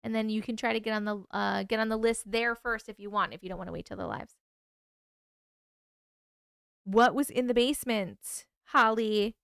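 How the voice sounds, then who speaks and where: A woman's voice: a little high, fairly even intonation, moderate pace, vocal fry, long pauses, a bit bright, clear, resonant tone, no room sound, clean studio sound. A woman hosting a late-night livestream, chatting sleepily with her viewers, swearing and yawning as she reacts to their stories. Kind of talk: casual livestream chat.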